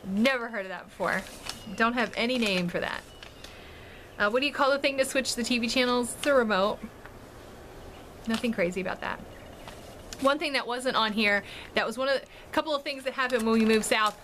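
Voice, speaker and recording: A woman in her thirties from the Washington DC area talks to her camera in an easy, rambling way and laughs often between stories. Her voice sits a little high and has a bright, sharp edge. A faint hiss of noise runs under her. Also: fairly quick, pauses often. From Washington DC and Maryland area. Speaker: family vlogger. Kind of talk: casual chat to camera.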